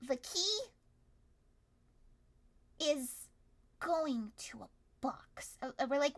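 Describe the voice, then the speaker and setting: Playful high-voiced woman storyteller. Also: very slow, long pauses. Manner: playful, animated, swings from loud to hushed. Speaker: streamer running an interactive story. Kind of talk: improvised storytelling with chat.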